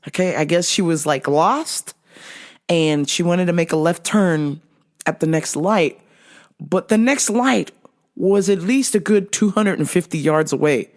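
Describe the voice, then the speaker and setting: A woman in her thirties hosting a podcast, telling a story in a casual, animated way, laughing often and swearing freely. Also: lowish voice, unhurried. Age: 30s. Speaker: podcast host.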